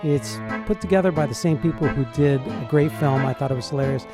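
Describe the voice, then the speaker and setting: A man's voice: fairly high pitch, a little fast, music in the background. A middle-aged man and dialect coach talking through a film in a musing, hesitant reaction commentary.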